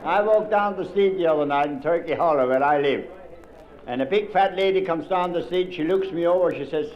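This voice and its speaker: A man with a Pennsylvania Dutch accent tells folksy stories with a deadpan delivery in a live stand-up set. His voice sits high and rings out in an echoey room, and an old, dull-sounding record carries it with faint crowd murmur and hiss beneath. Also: brisk. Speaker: stand-up comedian. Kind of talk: live stand-up comedy monologue. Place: live venue with an audience.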